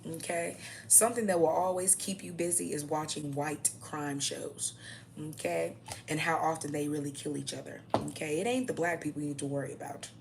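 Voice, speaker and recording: Blunt, profane woman with a gravelly low voice. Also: moderate pace, background noise. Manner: repeats "okay?" as a tag. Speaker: vlogger. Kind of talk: ranting monologue to camera.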